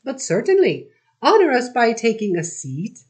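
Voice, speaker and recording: A woman's voice: on the high side, huge pitch swings, moderate pace, a little mellow, voice pushed up. A woman reading the part of a dignified, courteous immigrant father who speaks in formal, ceremonious phrases. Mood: courtly.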